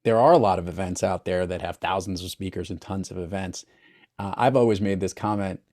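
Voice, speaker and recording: A man with a fairly low voice hosts an interview podcast. He sounds upbeat and enthusiastic, and he often turns to speak straight to his listeners. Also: steady tone, a little fast, darkish tone. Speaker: podcast host. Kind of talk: casual interview chat.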